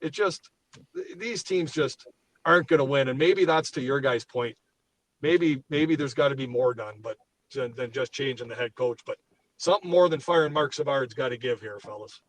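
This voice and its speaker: A man's voice: mid-range voice, normal speed, low-quality recording. A man co-hosting a sports podcast, ranting heatedly and swearing as he gets worked up. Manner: fired up, swears freely, ranting. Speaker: podcast co-host.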